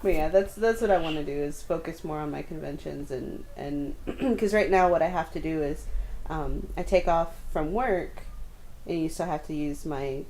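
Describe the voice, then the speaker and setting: A woman's voice: low voice, normal speed, warm tone, slight background noise, rough recording. A woman, chatting casually on a podcast with friends, laughing and using lots of fillers. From Texas. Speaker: podcast co-host. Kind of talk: casual chat.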